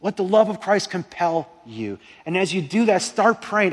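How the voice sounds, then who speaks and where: A man preaching a sermon as pastor, passionate and excitable, swinging between loud fervent prayer and hushed urgency. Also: high-pitched, moderate pace, few pauses. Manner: impassioned, rising to near-shouting prayers, then dropping quiet. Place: church sanctuary. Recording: long hall reverb.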